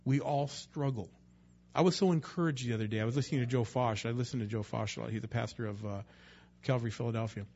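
A man's voice: mid-range voice, quick pace, mellow, muffled recording, slight background noise. A man preaching a sermon in a conversational way, sometimes acting out the voices of people he quotes. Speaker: pastor.

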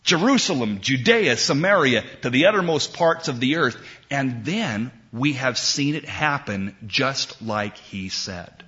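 A middle-aged man delivers a sermon in a church. He preaches slowly and emphatically, leaning on long dramatic pauses. His voice sits at an ordinary pitch, and the recording sounds dull and lo-fi. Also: lively intonation, sharp tone. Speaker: pastor.

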